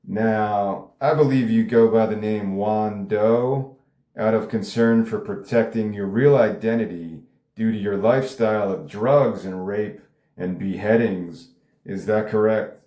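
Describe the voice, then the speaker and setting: A man reads a pompous male cable news anchor, all bluster and self-importance. The voice sits low and mellow. It is caught in a roomy space with echo. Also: measured pace, close to an everyday voice. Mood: smug. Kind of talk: table read of a script.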